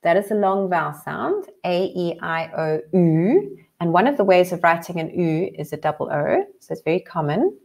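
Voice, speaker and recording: A woman, teaching a child to sound out and spell a word, slowly and deliberately. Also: lowish voice, very animated, gravelly, a little mellow. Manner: slow, deliberate sounding out of letters. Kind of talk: phonics lesson.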